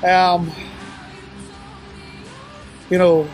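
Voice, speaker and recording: Remorseful man, halting speech. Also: level tone, a little mellow, soft background music. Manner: halting, full of "you know" and restarts; remorseful, low and subdued. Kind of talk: personal confession interview.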